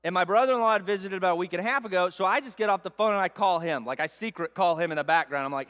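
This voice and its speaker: A man preaching a sermon, telling a self-mocking story in an animated way. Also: high-pitched, rapid-fire, few pauses. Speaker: pastor. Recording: long hall reverb.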